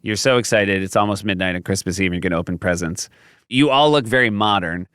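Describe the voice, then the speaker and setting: A man with a lowish, smooth, clear voice hosts a podcast, casually retelling old comedy sketches. He slips into their quoted lines with chuckles. The recording is close and dry, with no room sound. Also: quick pace, fairly bright tone, no echo. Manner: recounts sketches, acting out quoted lines with laughs. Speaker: podcast host. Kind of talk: casual storytelling chat. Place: podcast studio.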